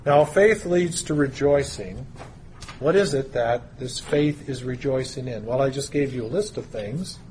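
Slow, measured male preacher. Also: medium pitch, a little mellow, a little hiss or hum. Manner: slow, measured teaching with pauses and emphasis. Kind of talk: sermon.

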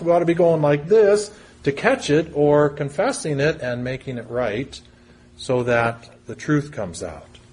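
Husky-voiced man preaching a sermon. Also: mid-range voice, a little mellow. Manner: earnest, conversational preaching with scripture reading. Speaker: pastor.

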